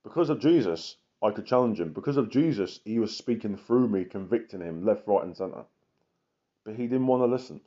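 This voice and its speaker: A man's voice: on the low side, expressive, fairly quick, warm tone. A man, an evangelist giving an impassioned sermon full of emphatic repetition. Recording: muffled lo-fi recording.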